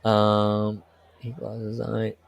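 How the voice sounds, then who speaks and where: A man's voice: fairly low pitch, monotone, slow, creaky. A man co-hosting a casual podcast, chatting loosely, swearing now and then, and reading passages of a story aloud. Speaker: podcast co-host.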